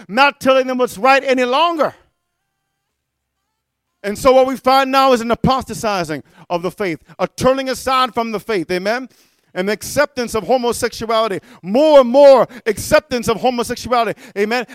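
A man preaching a fiery sermon, calling out amen and hallelujah and shouting at his peaks. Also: very high voice, clean tone, no room sound, studio quality. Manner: mocks quoted figures in singsong voices.

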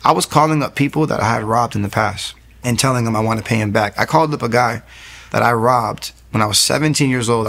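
A man's voice: fairly low pitch, vocal fry, a bit bright. A man in his thirties, a young pastor, giving an earnest, storytelling faith testimony in an interview, often restarting his sentences. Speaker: interview guest.

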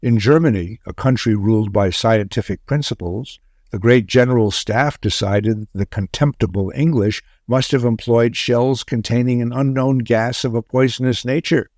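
A man reading a story aloud in a measured, solemn way. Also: mid-range voice, darkish tone, dry recording, clean studio sound. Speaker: narrator. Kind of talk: scripted story narration.

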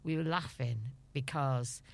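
Low-pitched middle-aged woman with a Scouse accent, lively anecdotal guest with frequent laughs. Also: unhurried, creaky. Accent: Liverpool (Scouse). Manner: lively storyteller, laughs often. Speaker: interview guest. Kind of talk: chatty anecdotal radio interview.

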